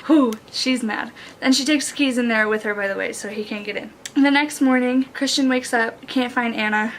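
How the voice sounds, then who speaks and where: A young woman excitedly recapping a plot in a casual vlog, saying "like" a lot. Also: fairly high pitch, moderate pace, slight background noise. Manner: excitable, heavy use of "like". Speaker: book and movie reviewer.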